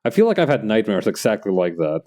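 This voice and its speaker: Fast and sing-song, this comic artist's fairly low, warm voice carries a relaxed chat as he draws on stream. His remarks about the artwork keep drifting into musing, rambling tangents.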